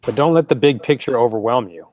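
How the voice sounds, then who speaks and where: A man's voice: medium pitch, fast talker, a little mellow. A man speaking on a casual panel, giving encouraging advice and often saying "you know.".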